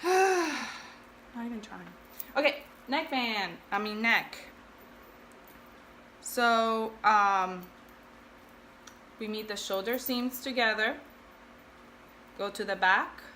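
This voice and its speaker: A woman's voice: medium pitch, slow, pauses often, pushed and bright, a little hiss or hum. A woman hosting a casual sewing tutorial, chatting and thinking aloud with self-deprecating asides. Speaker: sewing video host.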